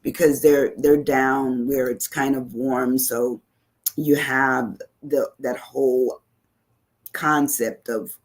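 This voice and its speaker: A woman's voice: extremely low pitch, steady tone, slow. A woman hosting an online talk show, chatting casually and reflectively as she reads viewer comments aloud, with many "you know" asides.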